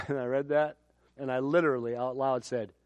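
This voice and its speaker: A man's voice: medium pitch, fairly even intonation, normal speed, no echo, muffled recording. A middle-aged man preaching a sermon in a conversational way, with joking asides. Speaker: pastor.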